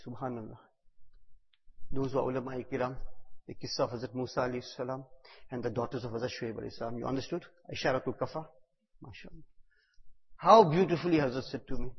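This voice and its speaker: A man giving a devotional talk, telling stories and repeating phrases for emphasis, at times bursting out loud on key words. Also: mid-range voice, breathy edge. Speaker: religious teacher. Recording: echoey hall, dull lo-fi sound.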